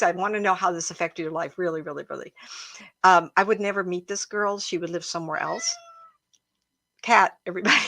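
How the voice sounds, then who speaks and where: A woman psychic medium hosting a livestream, telling stories in an emotional, animated way and often breaking into laughter. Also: lowish voice. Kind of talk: casual livestream storytelling.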